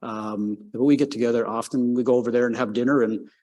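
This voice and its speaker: A man's voice: mid-range voice, fairly quick. A man in his sixties from Canada, a former race car driver who is the guest. He tells long, rambling stories full of "um"s and gets livelier as he acts out the exchanges. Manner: rambling, filler-heavy, lively when telling a story. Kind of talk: casual anecdotal storytelling.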